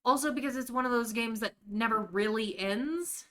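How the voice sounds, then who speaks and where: An American woman chats her way through a live game stream, addressing viewers by name between moves. Her voice sits a little high, with a bright, crisp and smooth tone. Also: moderate pace. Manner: chatty, talks to viewers by name while playing. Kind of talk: casual live-stream chat.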